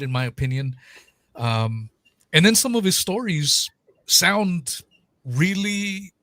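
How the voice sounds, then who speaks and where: A man's voice: mid-range voice, a bit bright, dry recording. Hesitant male podcast host, dry sound. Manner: hesitant, hedging his opinions. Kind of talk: casual video-call chat.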